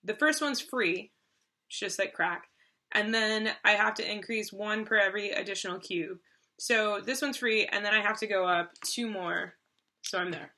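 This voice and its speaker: Her medium-pitched voice sounds pushed and bright and moves at a normal speed. She's co-hosting a board game video, casually laying out the rules in a chatty style with plenty of fillers and restarts.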